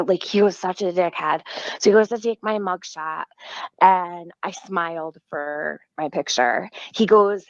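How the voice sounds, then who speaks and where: A woman tells a story in a played clip, animated and profane, voicing the quotes as she goes. The sound is dull and dry, with a muffled top end. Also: lowish voice, unhurried, no echo.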